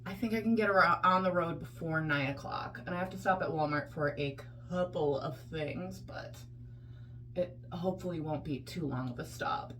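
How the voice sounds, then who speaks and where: A woman's voice: sits low, normal speed, a bit bright, a little hiss or hum. A woman chatting casually in a vlog, chatty and self-deprecating, talking through her day. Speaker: vlogger.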